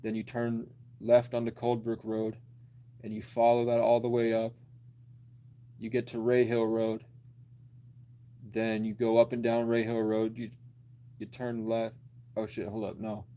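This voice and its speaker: A man's voice: mid-range voice, monotone, measured pace, long pauses, warm tone. A man in his twenties telling a long personal story in a rambling, blunt, profane way on a livestream. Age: 20s.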